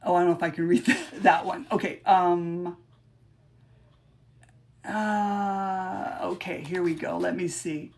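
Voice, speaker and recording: A woman's voice: fairly low pitch, fairly even intonation, creaky. Woman reading rhyming protest poems aloud. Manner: reads rhyming verse with emphatic rises, then chatty halting asides. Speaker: podcast host. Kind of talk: reading her own poems on a livestream.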